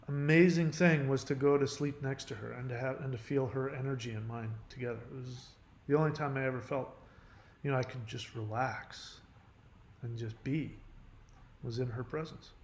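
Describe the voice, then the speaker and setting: A man's voice: medium pitch, steady tone, moderate pace, echoey room, a little hiss or hum. A middle-aged man talking casually and rambling through an advice monologue, often restarting his sentences and using many "you know"s. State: has a headache. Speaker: channel host giving advice.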